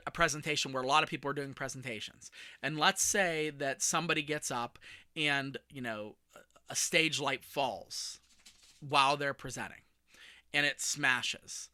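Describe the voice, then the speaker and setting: A man in his forties, a communication coach hosting his own podcast, talking solo with lively energy and self-deprecating jokes. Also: on the high side, dry recording, clean studio sound.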